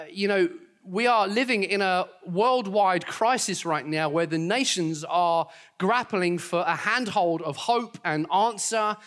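Man, pastor, high voice, confident upbeat sermon, chatty asides to the congregation. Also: fairly bright tone. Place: church auditorium.

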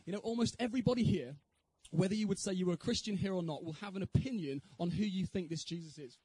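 Earnest high-voiced man giving a talk. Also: fast talker, warm tone, slight background noise, low-quality recording. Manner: earnest, rhetorical questions to the audience. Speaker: speaker giving a Christian talk. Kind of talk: evangelistic talk with personal testimony.

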